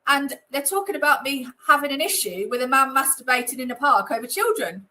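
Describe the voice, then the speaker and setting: A woman's voice: sits high, big pitch swings, fairly quick, pushed and bright, rough recording. A woman being interviewed, talking in a chatty, indignant way with lots of fillers. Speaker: interview guest. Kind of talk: conversational interview. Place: Northamptonshire.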